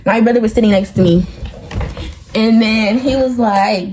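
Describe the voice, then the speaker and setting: A teenage girl chatting through a storytime vlog, animated, quoting people by lowering or raising her voice. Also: moderate pace, a little hiss or hum. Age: teens. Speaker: vlogger.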